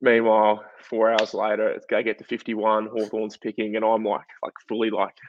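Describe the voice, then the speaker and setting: A young Australian man, a guest footballer, telling a story in a chatty, animated way full of fillers. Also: lowish voice, normal speed, slight background noise. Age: young adult. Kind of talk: casual interview storytelling. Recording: dull, dry lo-fi podcast audio.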